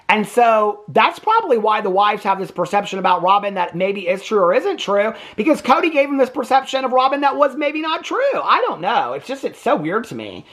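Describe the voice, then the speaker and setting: A man's voice: sits high, a bit bright. Sassy, rambling man reacting to TV. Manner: chatty, rambling, sassy, swears freely. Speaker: TV reaction vlogger. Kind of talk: casual reaction commentary.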